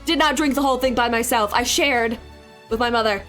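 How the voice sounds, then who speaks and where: A woman's voice: on the high side, a little fast. A young woman streaming her digital art, telling a rambling story in a casual, chatty way, swearing freely and laughing often. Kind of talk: casual storytelling while drawing. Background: soft background music.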